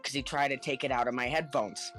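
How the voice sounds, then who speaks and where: A man telling a story in casual podcast chat, animated and acting out the people in it, laughing now and then. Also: medium pitch, a little fast, faint music behind. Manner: animated, acts out the other people in his story; laughs between lines.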